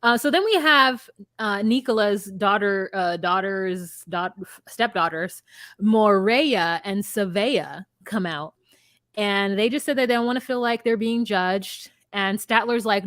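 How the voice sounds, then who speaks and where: A woman co-hosting a casual recap chat, talking bluntly and profanely in an animated storytelling way. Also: mid-range voice, a little slow, no echo, studio quality. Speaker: podcast co-host.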